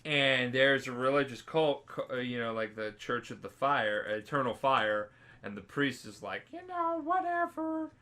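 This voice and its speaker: A man's voice: mid-range voice, steady tone, moderate pace, sharp tone. A drunk man co-hosting a podcast, rambling and laughing, with many fillers and restarts. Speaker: podcast co-host. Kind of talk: casual chat.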